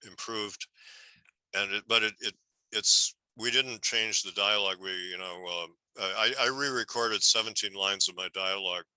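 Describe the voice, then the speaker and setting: Older man, bright dry storyteller. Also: on the low side, moderate pace, smooth, dry recording, poor audio. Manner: rambling anecdotes with many restarts. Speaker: guest film historian. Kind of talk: casual interview storytelling.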